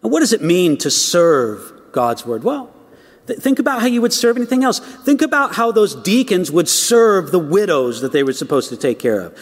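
A preacher with a strikingly high, sing-song voice gives a sermon at normal speed. He's emphatic, repeating words and posing rhetorical questions, while the long reverb of a large hall rings around him.

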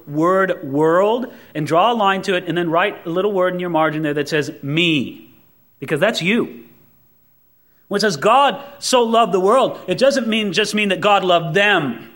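A man preaching a sermon, emphatic and dramatic, dropping to soft asides and then swelling on key words, and acting out the voices he quotes. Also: high-pitched. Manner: emphatic, swinging between loud stresses and soft asides.

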